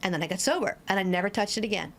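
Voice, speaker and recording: A woman in her forties, an addiction specialist, telling her story as a podcast guest in a blunt, lively way and swearing freely. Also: medium pitch, very fast, a little hiss or hum. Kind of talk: candid conversational storytelling.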